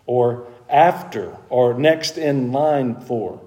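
Mellow-voiced man teaching a Bible study. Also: medium pitch, normal speed. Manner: conversational, grows emphatic.

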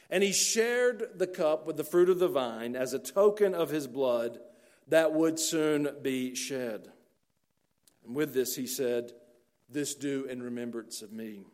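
A man preaching a sermon to his congregation, earnest and slowing down to stress key phrases. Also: on the high side, a little mellow. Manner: earnest, slows down for emphasis. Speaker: pastor.

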